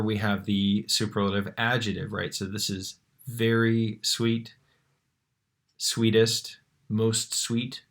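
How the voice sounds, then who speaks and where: Slow, gravelly-voiced male teacher. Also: fairly low pitch. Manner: relaxed, checks in with "right?" and "okay?". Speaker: Latin teacher. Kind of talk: tutorial walking through a screen lesson.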